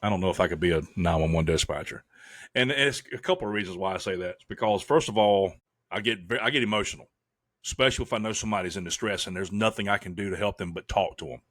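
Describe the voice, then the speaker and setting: A man hosting a podcast interview in a relaxed, conversational manner, asking follow-up questions and musing aloud. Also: low voice, fast talker, no echo, clean studio sound. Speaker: podcast host.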